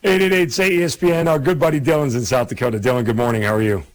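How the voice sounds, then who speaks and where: A man hosting sports radio who talks quickly and easily, moving from chat to the next caller. His voice sits at a middle pitch and he speaks at a brisk pace. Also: fairly even intonation. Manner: quick, chatty, takes calls.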